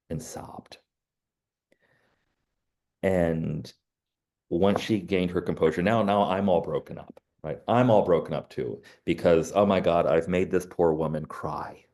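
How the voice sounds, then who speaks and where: A man's voice: low-pitched, dark tone. A middle-aged man, a realtor, giving a training talk in a conversational way, filled with "you know" and stories.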